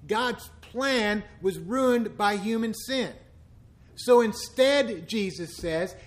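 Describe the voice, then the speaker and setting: A middle-aged pastor with a notably high voice delivers a sermon. He keeps a casual, conversational tone but pushes into emphatic, impassioned stretches. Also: a bit bright.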